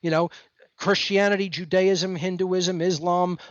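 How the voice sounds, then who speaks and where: High-voiced man lecturing emphatically. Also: level tone, unhurried, dry recording, highs cut off. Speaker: guest. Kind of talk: podcast conversation.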